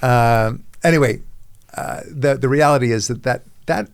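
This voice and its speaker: A middle-aged man hosting a talk podcast, with a gravelly edge to his medium-pitched voice. He chats casually and rambles, mocking himself and stumbling over repeated words as he goes. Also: moderate pace. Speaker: podcast host. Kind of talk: casual chat.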